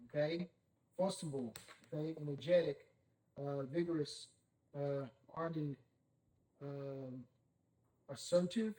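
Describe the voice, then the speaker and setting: A man's voice: a little high, takes it slowly, long pauses, mellow, low-quality recording. A man leading a Bible study, who keeps saying "okay?" and puts questions to his group. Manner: checks in with "okay?" constantly, asks the group questions.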